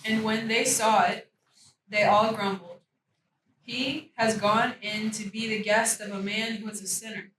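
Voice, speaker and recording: A woman in a study group reading scripture aloud at a steady pace. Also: mid-range voice, a little slow. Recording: echoey room mic from far off. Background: room ambience noise.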